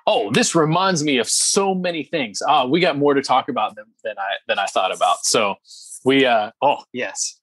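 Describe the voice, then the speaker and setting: A man's voice: medium pitch, normal speed, fairly bright tone, husky, dry recording. A man co-hosting a podcast in casual chat, talking emphatically and heatedly, with lots of ums and restarts. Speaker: podcast co-host.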